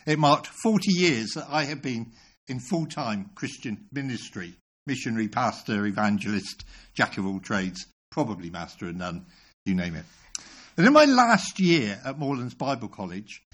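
A man in his sixties preaching a sermon, telling a story with animated delivery and self-deprecating humor. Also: mid-range voice, moderate pace, husky.

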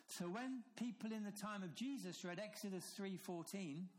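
A man preaching a sermon, emphatic, slowing down and dropping low on key phrases. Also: poor audio.

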